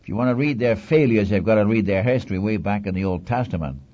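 A man's voice: lowish voice, quick pace, dark tone. A man preaching a sermon in an earnest, exhorting manner, repeating phrases for emphasis, on a dull lo-fi recording.

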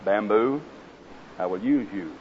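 A man voicing the grave, loving male master of a garden, speaking slowly and solemnly. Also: lowish voice, voice pushed down, natural voice. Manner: slow, solemn and measured. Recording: slightly dull with faint hiss.

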